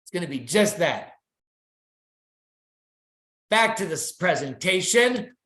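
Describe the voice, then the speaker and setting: Sharing slides on a video call, a presenter gives the weekly company update slowly but with excitable, sales-pitch enthusiasm. The room sounds echoey.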